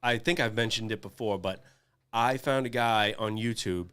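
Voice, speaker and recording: A man's voice: on the low side, moderate pace, fairly bright tone, a little hiss or hum. A man co-hosting a casual podcast, rambling with frequent restarts and casual swearing. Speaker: podcast co-host. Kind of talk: casual chat.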